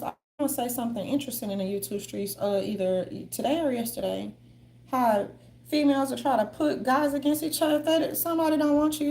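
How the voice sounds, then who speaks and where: A woman in a casual monologue, reading from notes in a sassy manner and calling listeners darlings, with a gravelly voice. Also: high-pitched, warm tone, slight background noise.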